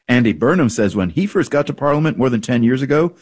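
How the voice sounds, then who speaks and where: A man's voice: mid-range voice, expressive, fast, darkish tone, slightly rough, dry recording. Dry-voiced male news correspondent. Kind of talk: scripted news narration.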